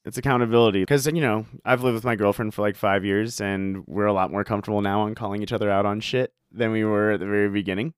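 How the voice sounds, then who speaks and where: Young man, podcast host, low smooth voice, dry close sound, casual swearing. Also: fast talker, few pauses, no room sound. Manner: relaxed, swears casually, acts out quotes. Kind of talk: casual interview chat.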